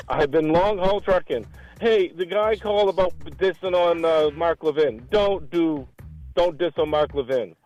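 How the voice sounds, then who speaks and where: A long-haul trucker calls in to a radio show, blunt and brash. His voice is a bit higher than most men's. The line sounds dull and muffled. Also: unhurried, a little mellow, faint music behind. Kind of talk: call-in rant.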